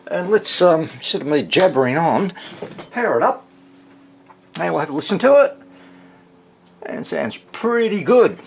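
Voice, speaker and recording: A man's voice: fairly high pitch, normal speed, creaky, long pauses, slight background noise. A man chatting casually in his workshop, rambling with many fillers. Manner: rambling, relaxed, lots of fillers. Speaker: radio restorer.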